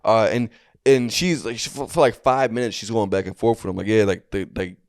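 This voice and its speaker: A man's voice: mid-range voice, fairly quick, no room sound, clean studio sound. A young man co-hosting a comedy podcast, telling a story casually with many fillers and restarts. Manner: rambling, lots of fillers and restarts.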